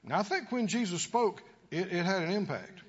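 A man preaching with a husky, high voice that swings widely in pitch, calling out to his congregation for answers. His emphatic peaks ring through a long church reverb on a dull, lo-fi recording. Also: expressive, moderate pace. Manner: call-and-response preaching, rising to emphatic peaks. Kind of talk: sermon.

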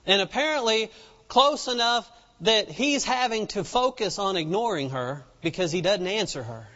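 A man's voice: high-pitched, a bit bright. A man preaching a sermon, retelling scripture in plain folksy speech and rising to fervent emphasis. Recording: muffled sound with long hall reverb.

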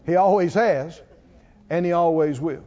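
A man preaching a sermon, calling on the congregation to answer back and building up to shouts. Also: on the high side, measured pace. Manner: call-and-response, coaxing the congregation, rising to shouts. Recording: dull sound with long hall reverb.

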